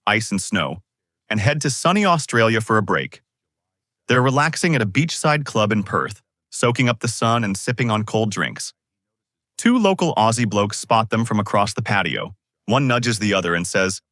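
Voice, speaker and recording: A man reading jokes as a lively storyteller. His voice sits lowish but sounds bright, with big swings in pitch. The sound is dry and close. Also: no room sound. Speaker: joke narrator. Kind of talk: scripted joke narration.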